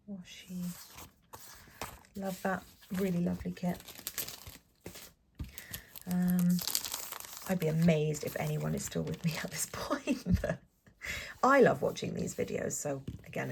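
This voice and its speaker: A young Englishwoman chatting through a planner sticker haul, gushing and saying um a lot, often dropping to a soft whisper. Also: fairly low pitch, gravelly, slight background noise. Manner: chatty, gushing, frequent ums and apologies. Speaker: planner vlogger. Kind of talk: casual sticker haul voice-over.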